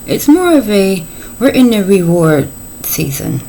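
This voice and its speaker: Gravelly-voiced middle-aged woman reading tarot. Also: mid-range voice, sing-song, unhurried, dark tone, a little hiss or hum, rough recording. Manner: chatty, folksy, playful asides. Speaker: tarot reader.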